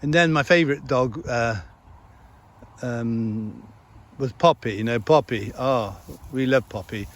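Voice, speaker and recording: A man's voice: medium pitch, measured pace. A man who farms, chatting casually outdoors in a field with his dog as he remembers the dogs he has had, laughing often. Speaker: farmer vlogger. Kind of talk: casual chat.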